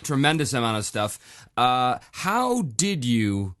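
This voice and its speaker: A man hosting a voice-acting podcast in a casual interview, chatty and quick to laugh. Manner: chatty, laughs often, lively swings in pitch. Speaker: podcast host.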